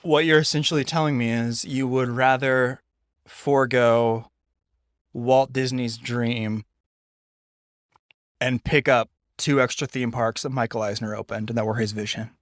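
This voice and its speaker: A man's voice: mid-range voice, steady tone, a little slow, no room sound, studio quality. A man in his thirties co-hosting a casual podcast, teasing in a playful way and often restarting his sentences. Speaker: podcast co-host. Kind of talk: casual chat.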